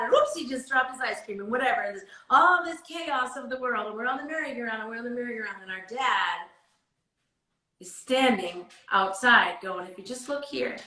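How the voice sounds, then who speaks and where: A woman's voice: fairly high pitch, a little fast, sharp tone, reverberant, rough recording. A woman guest telling a heartfelt, rambling story about her faith in casual chat. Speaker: guest singer. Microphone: video call.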